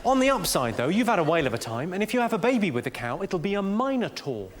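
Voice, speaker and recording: A man doing stand-up crowd work, firing off deadpan put-downs at hecklers. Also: high voice, fast, heavy background noise. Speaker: stand-up comedian. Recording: live theatre show, loud crowd laughter. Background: audience laughing and applauding.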